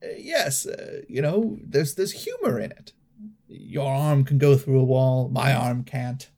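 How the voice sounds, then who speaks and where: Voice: medium pitch, animated, unhurried, gravelly, dark tone. A game master voicing Toffee, a regal, vain party host who fishes for laughs at a dance.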